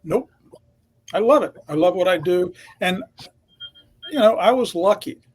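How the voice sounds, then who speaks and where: A man's voice: high voice, expressive, unhurried, slightly rough. A man in his sixties, a veteran TV reporter, telling a confident, emphatic story from his career. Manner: confident, emphatic anecdote teller. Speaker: TV reporter guest. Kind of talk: storytelling in interview.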